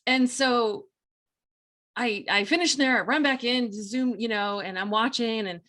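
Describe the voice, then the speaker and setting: A woman hosting a talk show, telling a personal story in a chatty, animated way, full of fillers and quoted self-talk. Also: on the high side, unhurried. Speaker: podcast host.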